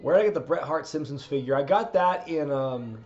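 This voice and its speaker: A man's voice: a little high, lively intonation, brisk, a little mellow, lo-fi sound. A man hosting a live wrestling watch-along stream, chatting casually, laughing, and reading out viewer requests. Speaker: streamer host.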